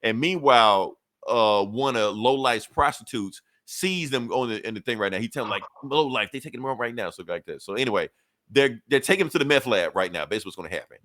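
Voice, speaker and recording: A man's voice: on the low side, expressive, quick pace, fairly bright tone, no echo, clean studio sound. A man on a podcast retelling a comic book story in casual chat, acting out the characters' lines and swearing and laughing as he goes. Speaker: podcast co-host.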